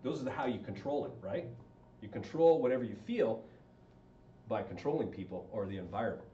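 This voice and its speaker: A man's voice: lowish voice, expressive, fairly quick, dark tone, slight background noise. A man talking informally to a group about marriage, asking the audience questions as he goes. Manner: conversational, asks the audience questions. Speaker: speaker on marriage and relationships. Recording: echoey room, far from mic, dull sound.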